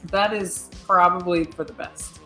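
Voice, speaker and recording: A woman's voice: lowish voice, steady tone, unhurried, sharp tone, faint music behind. A woman player in a tabletop role-play, talking in a flustered, stammering way.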